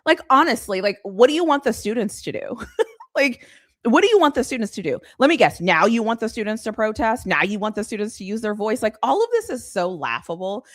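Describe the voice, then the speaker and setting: A woman's voice: on the high side, brisk, dry recording, studio quality. A woman host ranting bluntly and sarcastically in a casual live-stream chat. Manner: animated, exasperated, blunt, sarcastic. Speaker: sports commentary host.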